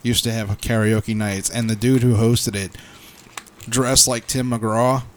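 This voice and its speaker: A man's voice: mid-range voice, steady tone, a little slow, slight background noise. A man hosting a casual podcast, chatty and joking as he asks questions and tells stories. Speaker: podcast host.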